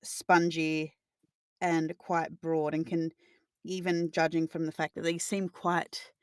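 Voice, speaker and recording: Rambling woman game master, low voice. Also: level tone, takes it slowly, no room sound, clean studio sound. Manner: detailed, meandering descriptions full of filler sounds. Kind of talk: narrating a tabletop game.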